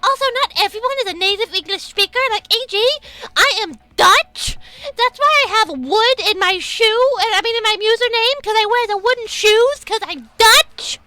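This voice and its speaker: A woman voicing a whiny, pedantic online commenter in a squeaky, tight-jawed baby voice for a comedic rant. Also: moderate pace, sharp tone. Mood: mocking.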